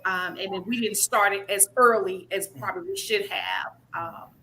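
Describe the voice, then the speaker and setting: A woman hosting a live conversation, telling stories with lively acted quotes. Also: medium pitch, moderate pace, slight background noise, low-quality recording. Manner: animated storytelling with acted quotes. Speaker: host.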